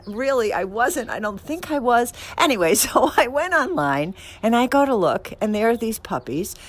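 Animated rambling woman telling a story. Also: low voice, husky. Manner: animated, rambling, squeals in quoted excitement. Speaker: dog owner telling a story. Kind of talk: casual storytelling. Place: outdoors then indoors at home with dogs.

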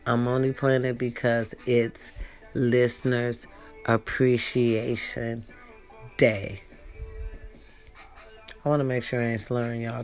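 A woman's voice: extremely low pitch, vocal fry, darkish tone. A woman hosting a podcast, chatting casually and playfully to her listeners in a rambling, teasing way. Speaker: podcast host.

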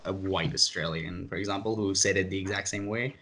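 A man's voice: sits low, steady tone, a little fast, sharp tone. A man from Asia, a podcast host, chatting casually with a thoughtful, dry, ironic manner. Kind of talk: casual chat.

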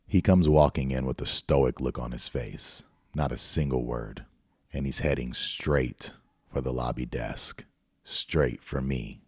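Deep voiced guy telling a story on his podcast, reflective, dry close sound. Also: unhurried, breathy edge, no echo. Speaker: podcast host. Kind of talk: storytelling monologue.

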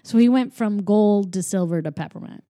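A woman with a dark, mellow tone rambles through a casual recap. She is sarcastic and loose, full of fillers, and recorded dry and close. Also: medium pitch, moderate pace, no room sound. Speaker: podcast co-host. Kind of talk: casual chat recapping a movie.

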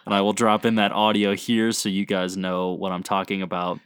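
A man's voice: low-pitched, monotone, normal speed, fairly bright tone, clear, resonant tone. A man co-hosting a podcast, laid-back and jokey, full of slang and swearing. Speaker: podcast co-host. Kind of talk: casual sports chat.

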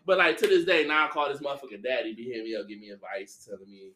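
A man hosting a podcast, telling stories in a loud, animated, laughing way. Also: mid-range voice, very fast, slight background noise. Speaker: podcast host. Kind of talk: casual chat, storytelling. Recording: echoey room.

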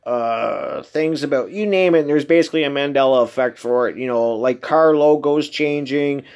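A man's voice: medium pitch, normal speed, darkish tone. A man hosting a casual solo podcast monologue, talking emphatically and incredulously, with heavy swearing. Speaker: podcast host.

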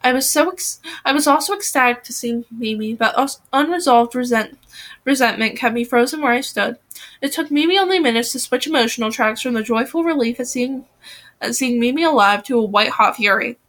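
Woman reading a novel aloud, lively. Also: fairly high pitch, a little fast. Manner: reads with lively acted dialogue and occasional restarts. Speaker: reader.

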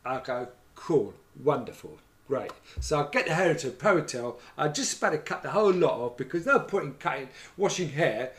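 A man's voice: fairly high pitch, lively intonation, fast, hardly any pauses, fairly bright tone. Chatty middle-aged man. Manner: rambling storyteller, many fillers like "right?" and "you know what I mean?". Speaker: former hairdresser telling stories. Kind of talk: casual chat, anecdotes.

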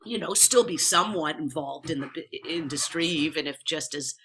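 An older woman, a podcast guest, chatting casually and saying warm goodbyes. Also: deep voice, normal speed, a little hiss or hum. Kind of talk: casual chat.

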